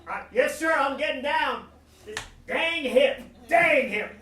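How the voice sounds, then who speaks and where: A man's voice: very high-pitched, expressive, slow, bright, forceful tone, heavily acted. A man playing a fussy old roller-rink janitor with a bad hip, in a put-on Southern drawl that keeps slipping. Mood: flustered. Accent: put-on American Southern. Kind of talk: live improv comedy. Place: theater stage. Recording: echoey live stage, distant mic.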